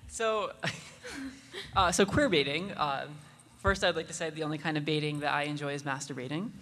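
A man speaking on a live panel in a halting way, with many pauses and fillers. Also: a little high, bright, forceful tone. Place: convention hall stage. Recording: echoey hall with faint noise.

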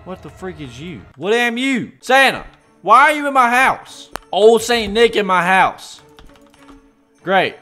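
A man's voice: high voice, big pitch swings, unhurried, sharp tone, soft background music. A man doing casual let's play commentary on a horror game, jumpy and talking to himself and the game. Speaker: gaming host.

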